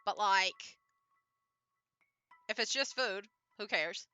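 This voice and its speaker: A woman's voice: medium pitch, slow pace, bright, forceful tone, clear, resonant tone, no echo, soft background music. A woman streamer giving rambling, chatty let's-play commentary, full of "like" and restarts. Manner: rambling, chatty, with frequent fillers.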